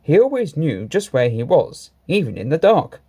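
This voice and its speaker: A man reading a children's railway story in an animated, sing-song voice. His tone is mellow and soft-edged, and he tells the story with clear expression. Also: a little high, normal speed.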